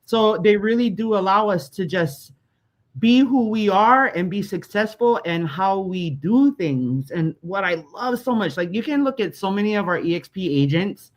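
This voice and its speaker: Female co-host, mid-pitched, chatty and relaxed, laughs along easily. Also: normal speed, rough recording. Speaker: podcast co-host. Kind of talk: casual talk show chat.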